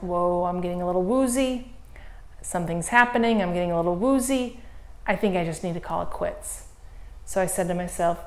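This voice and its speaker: A woman in her forties, a triathlon coach, gives a casual race report in a mid-range voice from an echoey room. She's blunt and candid, swears freely, and livens up the retelling by quoting her own inner dialogue.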